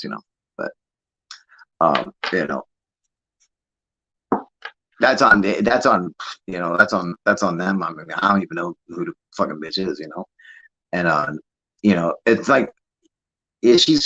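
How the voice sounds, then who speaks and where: A man's voice: low-pitched, fairly bright tone, husky, low-quality recording. A man hosting a livestream, chatting casually in a rambling, profane way and laughing often. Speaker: livestream host.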